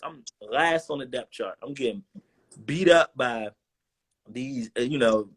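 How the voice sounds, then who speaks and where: A young man in his twenties, a former college football player, speaks in an unhurried, mid-range, slightly rough voice. He's a guest on a video call for a casual storytelling interview, animated and slangy, acting out what people said.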